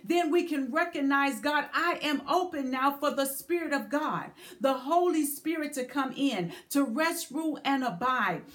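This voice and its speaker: A woman preaching a sermon in a measured, repetitive way, breaking into spoken prayer. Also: high voice, expressive, fairly bright tone.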